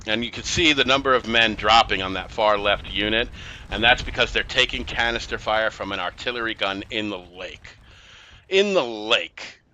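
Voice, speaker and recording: A man's voice: on the low side, a little fast, bright, forceful tone, slight background noise, rough recording. A man giving casual, chatty commentary on a strategy game he is playing, with exasperated, sarcastic asides. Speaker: gameplay commentator.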